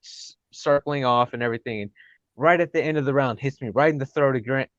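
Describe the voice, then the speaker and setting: A man speaks as a podcast guest, winding through his thoughts with fillers and restarts. His voice is mid-pitched and comes through dull and lo-fi. The room sound is dry and close. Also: a little fast, a bit bright, dry recording. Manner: rambling, many fillers and self-corrections. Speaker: guest fighter. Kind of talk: casual podcast chat.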